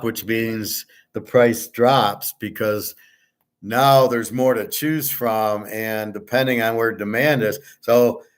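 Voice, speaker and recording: A man from the United States hosting a live sports betting show, chatting casually with viewers in a blunt, rambling way and swearing freely. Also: medium pitch. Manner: opinionated, tells long anecdotes. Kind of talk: casual live-stream chat, reading viewer comments.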